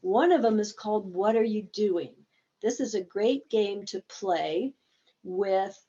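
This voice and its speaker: A woman's voice: medium pitch, animated, slow pace, warm tone, highs cut off. A woman therapist explaining a game in a conversational teaching talk, acting out bits of dialogue as examples.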